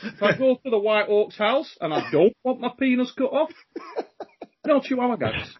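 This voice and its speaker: A high-pitched, bouncy man hosts a podcast with a husky edge to his voice. He jokes and banters in quick slang over a slightly muffled remote call. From Britain. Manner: lively, joking, slangy. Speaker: podcast host.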